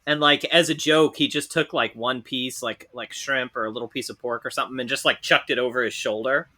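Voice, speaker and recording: A man co-hosting a casual podcast, telling a halting, loose story full of fillers. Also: medium pitch, steady tone, bright, forceful tone. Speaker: podcast co-host. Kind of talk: casual comedic chat.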